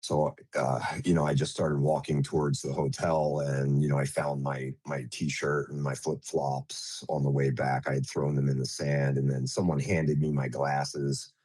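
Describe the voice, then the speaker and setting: A man who is a nurse, recounting an emergency as an interview guest in a halting way, with many fillers and restarts. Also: extremely low pitch, level tone, mellow, dry recording.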